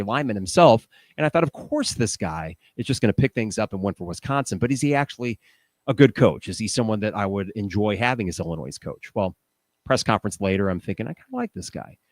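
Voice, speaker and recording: Low-voiced man hosting a sports podcast. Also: no echo. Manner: opinionated, thinking aloud with rhetorical questions. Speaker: podcast host. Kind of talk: casual sports podcast commentary.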